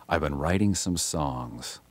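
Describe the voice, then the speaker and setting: A man voicing a laconic young male poet who answers in quiet, low, murmured replies. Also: lively intonation, a little slow, full character voice. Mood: laid-back.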